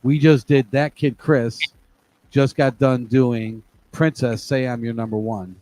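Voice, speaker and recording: A man's voice: medium pitch, fairly even intonation, a little slow, darkish tone, rough recording. A middle-aged man, a DJ and remixer, chatting casually and telling stories with a bit of swearing and frequent check-ins. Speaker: DJ and remixer guest. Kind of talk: casual chat.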